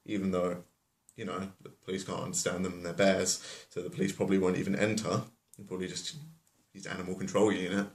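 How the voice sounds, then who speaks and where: A man's voice: sits low, gravelly. A man telling a fairy tale as a comedy, rambling with offhand asides. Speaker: storyteller. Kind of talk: comic storytelling. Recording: roomy echo.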